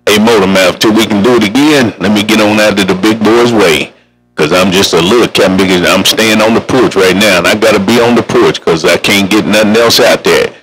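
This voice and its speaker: A man's voice: on the low side, fairly quick, a bit bright, low-quality recording. A man chatting casually over a CB radio in a folksy, drawling way. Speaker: CB radio operator.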